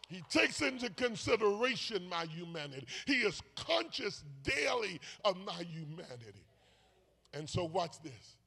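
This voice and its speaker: Man preaching a call-and-response sermon in a church sanctuary; high, bright voice, shouts then drops to a hush. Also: big pitch swings, slow pace, creaky, husky. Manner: call-and-response preaching, swings between shouting and hushed asides; playful teasing of the congregation. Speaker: bishop preaching.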